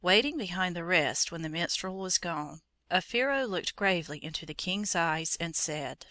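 A narrator reading an old legend in a steady, measured storybook manner. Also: mid-range voice, no room sound.

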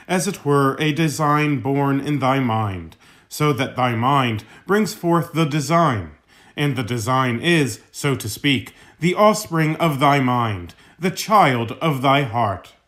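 A man reading an old sermon text aloud in a measured, solemn delivery. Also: medium pitch, lively intonation, a bit bright. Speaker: reader.

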